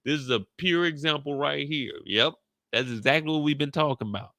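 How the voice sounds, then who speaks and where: A man recaps a TV episode in loose, slangy, joking commentary. His voice is bright and forward. It is recorded dry, with no room echo. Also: fairly high pitch, a little fast. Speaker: YouTube show recapper. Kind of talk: casual reaction commentary.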